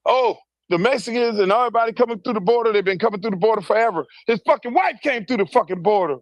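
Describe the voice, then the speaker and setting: A man's voice: sits high, quick pace, no room sound. A man in a played clip delivering a heated, profane political rant full of rhetorical questions.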